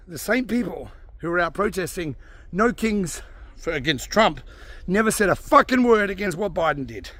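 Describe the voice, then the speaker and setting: A man's voice: high voice, big pitch swings, moderate pace, fairly bright tone, no room sound. A man ranting in a vlog, angry and swearing, with frequent sighs. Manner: angry, sighing, swearing rant. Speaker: vlogger. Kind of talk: ranting commentary.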